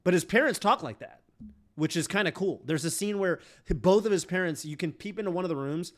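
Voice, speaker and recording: Higher-voiced man, game streamer, rambling casual chat, lots of fillers. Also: lively intonation, brisk. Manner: rambling, heavy on fillers and restarts.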